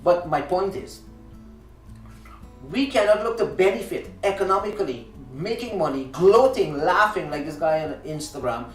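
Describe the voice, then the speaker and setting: A male talk show host delivers a heated monologue, pressing his points with indignation and frequent restarts. His voice sits at an ordinary pitch. He is recorded from a distance in a roomy, echoey space, with faint music underneath. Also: animated, moderate pace. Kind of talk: impassioned monologue.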